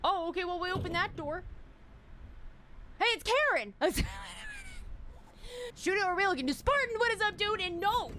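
A woman's voice: very high voice, animated, moderate pace, pauses often, pushed and bright, slight background noise. A woman streamer, giving jumpy live commentary on a horror game, shrieking in fright and chatting with her viewers.

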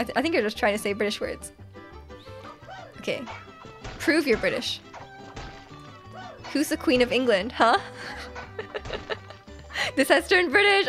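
Young woman streamer, giggly, high voice, chatty, soft music behind. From Canada. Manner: giggly, chatty, reads chat aloud. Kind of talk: casual live-stream chat while gaming.

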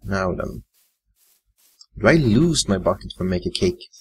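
Guy with a deep gravelly voice mumbling through a video game, slow and laid back. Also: very animated, a little mellow, slight background noise, rough recording. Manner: muttering thoughts aloud to himself. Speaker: let's play gamer. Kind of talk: casual gameplay commentary.

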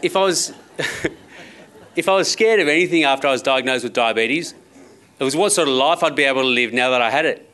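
A man's voice: mid-range voice, a little fast, long pauses, sharp tone. An Australian man in his thirties giving a conference keynote, telling personal stories with wry, self-deprecating humour in a conversational way. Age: 30s. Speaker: motivational speaker. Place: conference stage.

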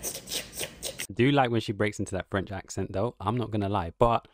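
A man's voice: lowish voice, steady tone, normal speed, background noise. A man giving casual, rambling reaction commentary, amused and musing aloud as the host.

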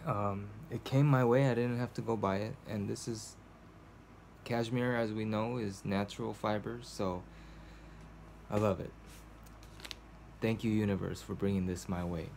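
A man talks to his camera in a casual home video journal, drifting from thought to thought with ums, uhs and restarts. His voice sits a little low, and he speaks slowly. A faint hum of room noise sits behind him. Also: vocal fry, a little mellow. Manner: rambling, hesitant, many fillers and restarts. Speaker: vlogger. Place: cold home indoors.

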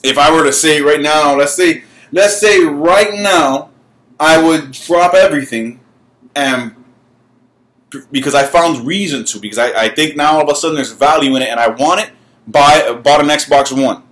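A man with a slightly high voice rants to his camera about gaming, heated and profane. He swears freely and stumbles over repeated words when he gets worked up. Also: moderate pace, a bit bright. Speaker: gaming YouTuber. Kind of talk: ranting vlog.

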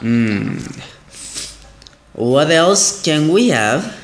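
A man giving excitable let's play commentary as a gaming channel host, exclaiming and repeating himself. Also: fairly high pitch, extremely slow. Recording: roomy echo.

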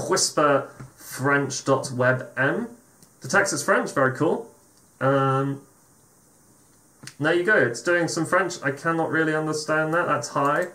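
A man's voice: mid-range voice, pushed and bright, slight background noise. A man hosting a casual tech tutorial, chatty and joking as he walks through examples. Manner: joking, chatty, swears freely. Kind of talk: casual screen-share tutorial.

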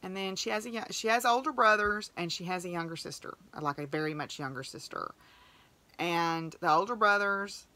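A woman's voice: lowish voice, normal speed, pushed and bright. A middle-aged woman, hosting a podcast and telling farm stories in a chatty, rambling, heartfelt way. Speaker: podcast host. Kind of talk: casual storytelling monologue.

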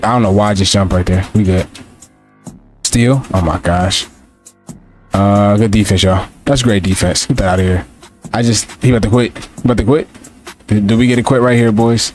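A man's voice: on the low side, darkish tone. A young man giving live commentary over his own video game, frustrated and repeating himself as he talks to his players and his viewers. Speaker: gaming streamer.

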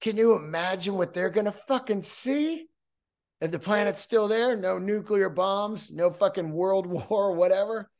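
Man, 50s, high voice, podcast host, profane rambling monologue. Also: unhurried, a little mellow.

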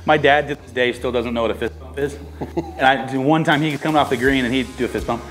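A man's voice: medium pitch, steady tone, fast talker, a bit bright. A man hosting a casual chat while playing golf outdoors, joking around and giving golf advice. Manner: easygoing, jokey, gives golf advice. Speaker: host, golf interviewer. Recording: faint music under the talk.

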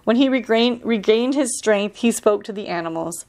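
A woman, a park ranger, reading a storybook aloud for children in a calm, steady and clear way. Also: a little high, moderate pace, hardly any pauses.

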